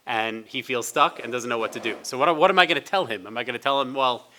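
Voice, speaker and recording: A man's voice: medium pitch, lively intonation, quick pace, pushed and bright, a little hiss or hum. A man, a rabbi on a conference panel, telling a story in a conversational way.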